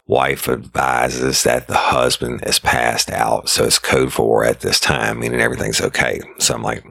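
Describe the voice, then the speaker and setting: A middle-aged man with an extremely low voice that is full of gravelly fry. He tells true-crime stories casually and vividly, and his tone cuts through despite the depth. The recording is close and completely dry. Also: flat delivery, fairly quick, few pauses, pushed and bright, no room sound. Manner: casual, vivid storytelling, acts out radio calls. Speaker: podcast host and former sheriff's deputy.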